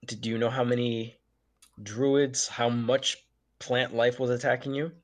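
A man speaking as a tabletop player, earnest and thorough as he asks question after question. His voice sits at a middle pitch. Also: flat delivery, measured pace. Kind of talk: casual tabletop role-play.

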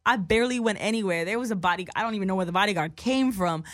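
Brief: young woman, rapid casual storytelling full of swearing, dry close sound. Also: medium pitch, no echo. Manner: profane, animated, acts out other people's lines. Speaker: guest telling a story.

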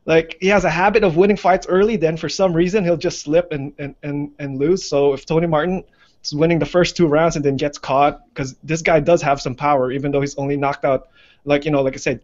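A man's voice: fairly high pitch, darkish tone. A man co-hosting a casual fight-picks chat, rambling with lots of fillers. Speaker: MMA podcast co-host. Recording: lo-fi muffled audio.

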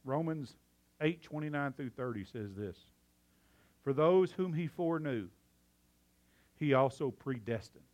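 A man preaching a sermon, excitable and out of breath, swinging from loud fervor to hushed emphasis. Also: mid-range voice, measured pace, long pauses, muffled recording. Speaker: pastor.

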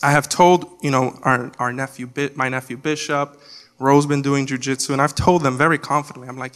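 Animated young man preaching a comic story. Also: fairly quick, clear, resonant tone. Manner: animated, comic storytelling with sudden loud high quoted shouts. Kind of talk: sermon storytelling.

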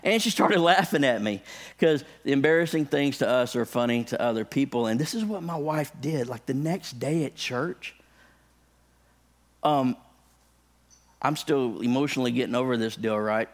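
A man who is a pastor, telling a funny personal story as part of a sermon, animated, with his voice jumping up high when excited. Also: normal speed.

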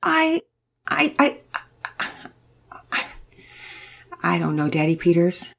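Brief: a woman playing a flippant little girl, squeaky high and husky, storybook read-aloud. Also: very animated, measured pace, heavily acted. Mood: sheepish. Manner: flippant, giggly, stammering when scolded. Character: bratty mocking young girl.

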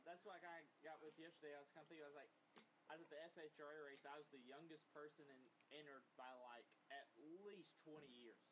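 A man in his twenties on a casual podcast, running quickly through race standings. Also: on the high side, fairly even intonation, background noise. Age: 20s. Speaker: co-host. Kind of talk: casual chat.

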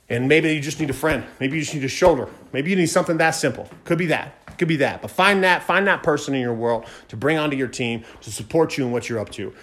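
A man hosting a podcast, fast-talking and fired up, giving a motivational monologue and repeating phrases for emphasis. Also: on the high side, a bit bright. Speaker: podcast host.

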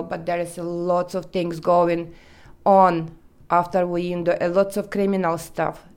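A woman from Europe, telling her own story in halting, English. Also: on the low side, clear, resonant tone. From Eastern Europe. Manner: halting non-native English, vivid storytelling. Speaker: interviewee. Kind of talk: personal testimony.

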